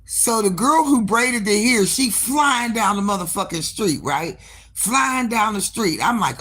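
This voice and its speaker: A hair salon owner tells a story on a live stream, animated, salty, and swearing freely, with asides to her listeners. She acts out the dialogue, her voice leaping high for quoted lines, speaking at a measured pace with a breathy edge.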